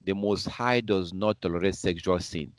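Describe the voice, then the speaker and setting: A man's voice: low voice, normal speed, no room sound, studio quality. A man from Africa commenting on news clips as a preacher, in a heated, repetitive and scornful way. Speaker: online preacher.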